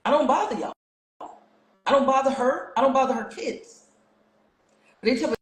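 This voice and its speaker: Woman, livestream host, confrontational, high-ish voice, echoey room, phone mic. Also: expressive, normal speed, pauses often. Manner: confrontational, fires repeated rhetorical questions. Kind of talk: casual livestream rant to viewers.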